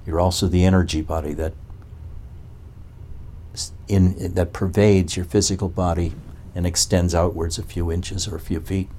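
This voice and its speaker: A man's voice: deep voice, flat delivery, normal speed, dark tone, slight background noise. A man as a spiritual teacher, giving a talk to a gathering and asking one probing rhetorical question after another.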